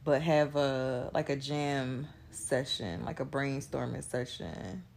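Slow, low-voiced woman with vocal fry. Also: darkish tone. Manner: slow and thoughtful, pausing to find words. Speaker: co-host in a couples question chat. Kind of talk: casual chat.

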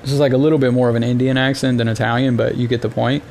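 A man's voice: medium pitch, rapid-fire, hardly any pauses, slight background noise. A man from the United States hosting a casual solo podcast, telling rambling, exasperated stories with plenty of filler words. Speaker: podcast host.

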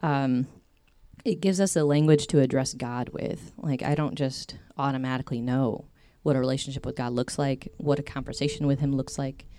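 A low, warm-toned young woman speaks to a group about faith in a loose, chatty way, full of fillers and side tangents. The sound is dry and close, with no room echo. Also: steady tone, normal speed, clear, resonant tone. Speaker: speaker giving a faith talk. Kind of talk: casual faith talk to a group.

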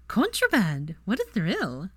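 A woman's voice: medium pitch, huge pitch swings, fairly bright tone, slightly rough, no echo, exaggerated voice. A woman voicing a bossy, witty young woman who teases and scolds with a dry, sarcastic edge. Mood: bright, teasing. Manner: brisk, teasing, sarcastic.

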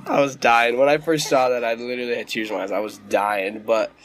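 A young man co-hosting a casual podcast, animated and joking, often laughing as he talks. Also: medium pitch, brisk, a loud crowd. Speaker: podcast co-host. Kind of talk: casual chat, hosting a meme segment.

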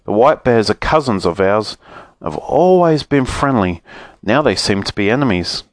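A man's voice: on the low side, lively intonation, normal speed, no room sound, lightly acted. A man voicing a big, sorrowful father bear in a storybook reading, mournful in tone.

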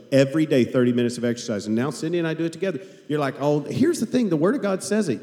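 A middle-aged man preaching a sermon to a live congregation, joking and animated, rising at times to shouts. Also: mid-range voice. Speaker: pastor. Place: large church hall before a live audience. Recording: long hall reverb.

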